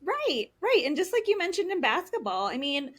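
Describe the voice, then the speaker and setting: A woman with a high voice talks casually as a counselor on a podcast. She explains things with little acted-out examples and plenty of "um"s and "like"s. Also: big pitch swings, moderate pace, a bit bright. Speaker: licensed professional counselor, podcast guest.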